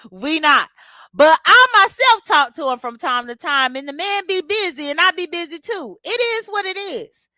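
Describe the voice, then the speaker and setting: With a high-pitched, sharp voice full of big pitch swings, a woman hosts a casual livestream at normal speed. She talks bluntly with features and greets viewers in chat by name, over a dry recording.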